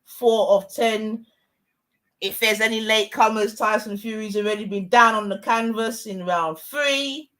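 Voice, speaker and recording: A young woman, giving excitable, slang-heavy live commentary on a fight and shouting often. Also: medium pitch, measured pace. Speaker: watch-along streamer.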